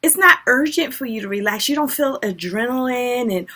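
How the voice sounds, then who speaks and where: Earnest woman vlogger, fairly high voice. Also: animated, moderate pace, sharp tone. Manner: earnest, emphatic and personal, addressing viewers directly. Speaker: diabetes lifestyle vlogger. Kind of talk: casual talk to camera.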